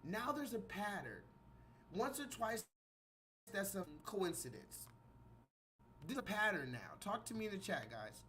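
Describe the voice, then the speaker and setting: A man hosts a live reaction stream, riffing in a mocking, animated way and calling on his chat to respond. There is a faint hum of ambience behind his voice. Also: high-pitched, unhurried, long pauses. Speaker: livestream commentator.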